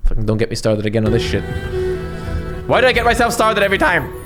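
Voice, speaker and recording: Reacting to a video, a man rants bluntly and swears a lot, restarting often and swinging his pitch lively. He speaks fast, with music in the background.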